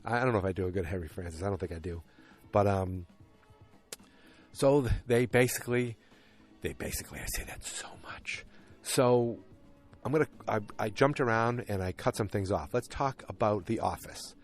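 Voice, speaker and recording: A man's voice: lowish voice, moderate pace, faint music behind. A man hosting a podcast, casually recapping an episode in a rambling, self-deprecating way with many fillers. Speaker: podcast host.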